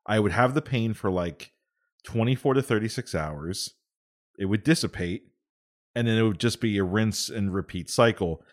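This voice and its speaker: Low-voiced man, halting and easygoing. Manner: halting, many fillers, easygoing. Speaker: podcast co-host. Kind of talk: casual chat.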